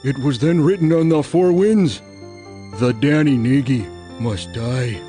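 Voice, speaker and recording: An actor playing a solemn old tribal chief who recounts events in a slow, ceremonial way in a comedy promo sketch. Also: male voice, medium pitch, warm tone, soft background music, close to an everyday voice. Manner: slow, ceremonial, portentous delivery.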